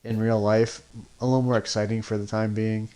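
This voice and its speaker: A man's voice: fairly low pitch, flat delivery, a little fast, dark tone, smooth. A man who makes independent comics, chatting casually on a podcast in a hesitant, rambling way with many restarts.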